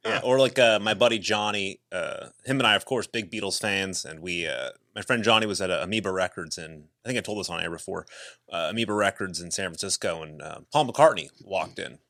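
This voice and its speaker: A man's voice: sits low, fairly quick, sharp tone, no echo, studio quality. A man co-hosting a podcast, telling an eager, laughing story in casual chat. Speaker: podcast co-host.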